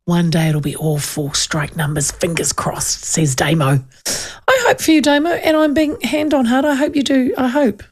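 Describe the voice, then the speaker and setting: A radio host with a New Zealand accent chats casually and reads out listener texts. She is a middle-aged woman with a slightly high, gravelly voice. She tells stories in a lively, animated way, with plenty of asides. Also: normal speed. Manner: chatty, animated storyteller with asides. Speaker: radio talk show host.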